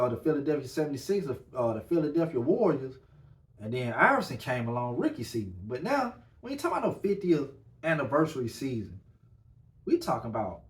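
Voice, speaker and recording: A man hosting a casual podcast, talking loosely with lots of slang and fillers. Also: mid-range voice. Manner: laid-back, loose slang, filler-heavy. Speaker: podcast host. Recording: voice a bit far from the mic.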